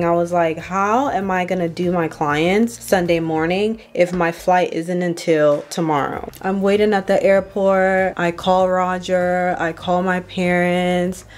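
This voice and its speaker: Lively young woman telling a story. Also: fairly low pitch, measured pace, hardly any pauses. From Ohio, USA. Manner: animated storytelling, acts out quoted voices. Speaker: makeup artist vlogger. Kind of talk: storytime while getting ready.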